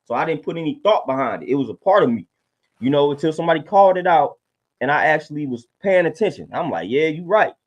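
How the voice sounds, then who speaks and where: A man's voice: on the high side, big pitch swings, quick pace, highs cut off. A man talking casually on a livestream, laid-back and preachy, often repeating his points. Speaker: livestream host.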